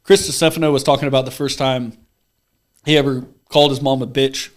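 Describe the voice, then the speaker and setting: A man's voice: medium pitch, fairly even intonation, fairly quick. A young man hosting a podcast, chatting casually, rambling and swearing freely. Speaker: podcast host. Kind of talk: casual chat.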